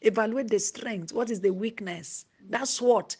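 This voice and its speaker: Woman preacher, husky voice, goes quiet and whispery then loud and pressing. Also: mid-range voice, measured pace. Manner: drops to a hushed whisper at times, then rises emphatic. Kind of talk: sermon.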